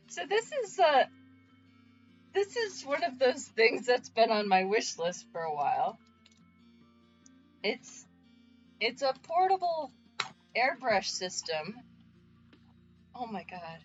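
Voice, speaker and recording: An excited woman streamer talks to her chat in a high-pitched voice, tripping over her words and piling up exclamations. The audio is a bit muffled, with faint music playing underneath. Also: slow pace, pauses often. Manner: excited, stammering, repeated exclamations. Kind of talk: live stream chat with viewers.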